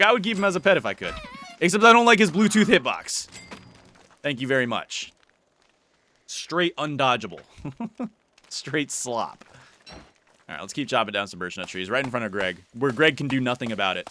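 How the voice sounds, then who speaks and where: A man's voice: mid-range voice, bright, forceful tone, a little hiss or hum. A man giving casual, playful gameplay commentary as a YouTuber, teasing and chatting to the creatures in his game. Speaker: gaming YouTuber.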